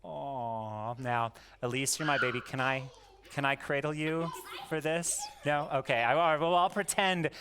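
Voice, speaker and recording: Over some background noise, a man with a medium-pitched voice speaks in a steady tone at a measured pace. He's giving his young daughters a playful home lesson, goofy and jokey as he coaxes them to repeat words.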